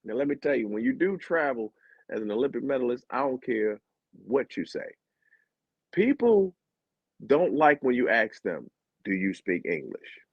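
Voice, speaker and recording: An American Olympic sprinter turned comedian tells comic stories, animated and laughing as he acts out dialogue. His husky voice sits mid-range at a moderate pace, and the audio is dull and dry with no room sound.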